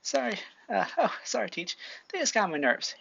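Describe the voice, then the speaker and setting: A woman voicing a bold, quick-tempered young male hero who talks in a mocking, defiant way. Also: mid-range voice, big pitch swings, creaky, fairly bright tone, voice pushed up, full character voice. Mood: sheepish. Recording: lo-fi, faint hiss.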